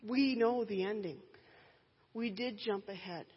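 A woman in her thirties, a pastor, preaching a sermon in an earnest, emphatic way with deliberate pauses. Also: medium pitch, slightly rough. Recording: dull sound with long hall reverb.

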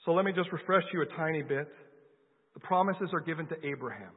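A man's voice: a little high, fast, breathy edge. A man preaching a sermon, telling a Bible story in a conversational way and asking his listeners questions. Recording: lo-fi phone-like sound with long hall reverb.

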